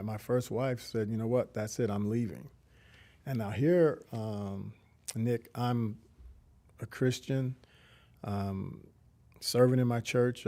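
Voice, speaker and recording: A man's voice: mid-range voice, dark tone. A middle-aged man giving an earnest, reflective faith testimony as an interview guest, often restarting his sentences. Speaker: guest, community founder.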